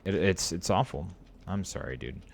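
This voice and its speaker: A man's voice: low-pitched, lively intonation, normal speed. A man in his thirties chatting on a live game stream, earnest and openly emotional, rambling as he talks to his viewers. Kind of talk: casual live-stream chat.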